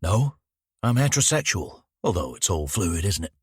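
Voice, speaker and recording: A man's voice: low-pitched, very animated, moderate pace, husky, no room sound, clean studio sound, heavily acted. A man voicing a wry, haunted detective. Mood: sardonic. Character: haunted adult male detective, wry and calm.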